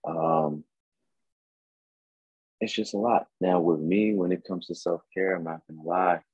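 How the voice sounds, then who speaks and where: A man talking as a guest in a casual chat, relaxed and reflective, with plenty of ums. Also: sits low, a little slow, husky, no echo. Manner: relaxed, reflective, with many fillers. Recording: dull, dry close recording.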